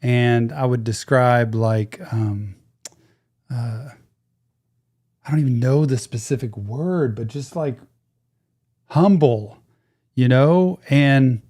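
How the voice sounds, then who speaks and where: A man's voice: medium pitch, a little mellow. Enthusiastic man reacting over music. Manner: enthusiastic, reflective, talks over the track. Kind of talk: casual music reaction commentary. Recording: music playing in the background.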